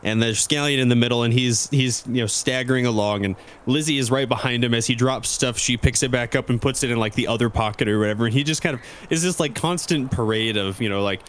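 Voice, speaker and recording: A man's voice: medium pitch, fast talker, hardly any pauses, a little hiss or hum. A man narrating a tabletop game as game master, rambling with many restarts.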